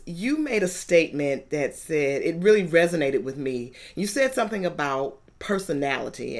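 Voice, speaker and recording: A middle-aged woman from Georgia, hosting a podcast interview in an upbeat, emphatic way. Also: low-pitched. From Georgia, USA. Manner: upbeat, emphatic, sing-song intro. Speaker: podcast host.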